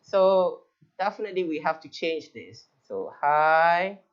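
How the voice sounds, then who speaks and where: A man's voice: a little high, expressive, measured pace, highs cut off. Chatty Malaysian man teaching writing. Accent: Malaysian English. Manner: chatty, joking, explanatory. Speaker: teacher trainer.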